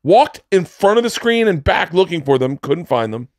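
A middle-aged man co-hosting a podcast, telling stories in a casual, animated way with sudden high-pitched excited bursts. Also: normal speed, no room sound, studio quality. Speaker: podcast co-host. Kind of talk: casual storytelling chat.

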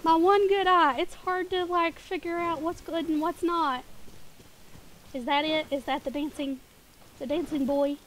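Southern woman streamer, high bright voice, giggly, chatty, stumbles over words now and then. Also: steady tone, measured pace, a little hiss or hum. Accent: Southern US, Tennessee area. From southeastern United States. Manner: giggly, occasionally stutters and trips over words. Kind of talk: casual gaming stream chat. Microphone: desk microphone.

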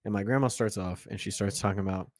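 A young man co-hosts a casual podcast, spinning a family anecdote with quick bursts and laughing asides. His voice sits low. The sound is dry and close to the mic. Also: darkish tone, dry recording. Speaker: podcast co-host. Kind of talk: casual chat.

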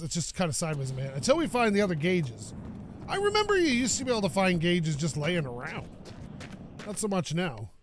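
Gaming host, male, from Canada, high voice, stuffy nose, rambling and chatty over game noise. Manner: rambling, chatty, laughs often. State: stuffed-up, coughing from dust. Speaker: gaming YouTuber. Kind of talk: casual let's-play commentary.

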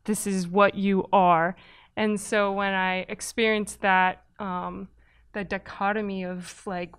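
A woman's voice: mid-range voice, clear, resonant tone, dry recording, clean studio sound. A woman filmmaker being interviewed on a podcast, answering in an earnest, reflective way. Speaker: filmmaker guest.

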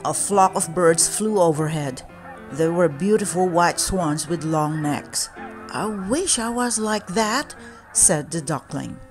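A woman with a fairly low voice reads a children's storybook aloud. Her telling is calm and measured. Soft music plays quietly in the background. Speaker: children's book reader.

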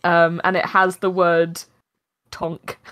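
A woman's voice: fairly low pitch, monotone, slow pace, fairly bright tone, no room sound, studio quality. A woman game master narrating a tabletop session in a casual way, with lots of filler words and swearing.

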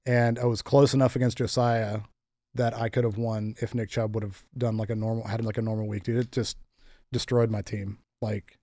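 A man's voice: on the low side, little pitch movement, normal speed, mellow, no room sound, clean studio sound. A young man hosting a casual fantasy football podcast, joking and running the segments. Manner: laid-back, joking, runs the segments. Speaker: podcast host.

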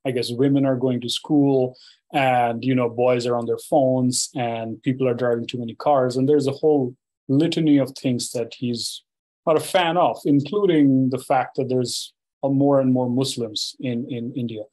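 A man's voice: medium pitch, fairly even intonation, moderate pace, darkish tone, rough recording. A man giving a university lecture, telling a field anecdote in a loose, conversational way full of "you know" and "right?". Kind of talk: storytelling academic lecture.

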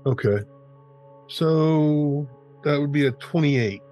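Halting man player. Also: a little high, dark tone, dull audio, faint music behind. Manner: halting, unsure, with fillers. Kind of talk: tabletop game play.

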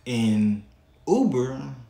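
A man commenting on a post at a deliberately slow, unhurried pace, stretching his words and stopping often between phrases. His voice sits at an ordinary pitch for a man. The sound bounces around a roomy, echoey space. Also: sing-song, creaky, warm tone. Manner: slow, drawn-out, pausing often. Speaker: channel host. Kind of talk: reaction commentary.

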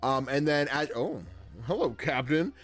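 A man's voice: fairly high pitch, expressive, measured pace, a bit bright. A young man giving casual, playful let's-play commentary, reading game text aloud and joking around. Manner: playful, chatty, frequent laughs, slangy. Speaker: gaming YouTuber.

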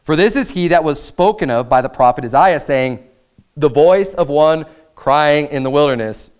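Fervent preacher man, smooth voice. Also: on the high side, lively intonation. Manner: fervent preaching that swells into raised, emphatic passages; reads scripture aloud in a measured cadence. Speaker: pastor. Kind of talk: sermon. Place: church sanctuary.

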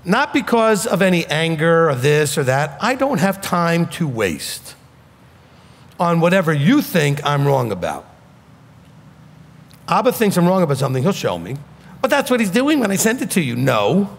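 A rabbi with a New York accent delivers a blunt, emphatic sermon. His voice sits high and swings widely up and down as he presses his points. It rings with the long reverb of a hall. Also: very animated, normal speed, gravelly.

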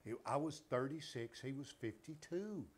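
A man's voice: mid-range voice, expressive, normal speed. A man, telling folksy anecdotes as a guest on a talk show. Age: 70s. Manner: drawling, folksy anecdotes with acted quotes. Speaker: guest singer. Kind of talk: casual storytelling chat.

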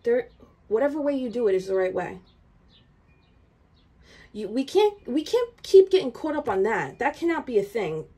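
A woman's voice: on the high side, big pitch swings, moderate pace, pauses often, warm tone, husky. A woman giving a tarot reading straight to the viewer, urgent and emphatic, repeating her points. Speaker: tarot reader.

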